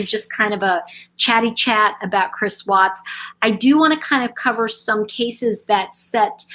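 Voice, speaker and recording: A woman's voice: medium pitch, fairly bright tone, poor audio. Chatty woman on a live stream. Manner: chatty, reads out viewer comments, frequent ums and self-corrections. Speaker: host of a live chat stream. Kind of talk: casual live-stream chat.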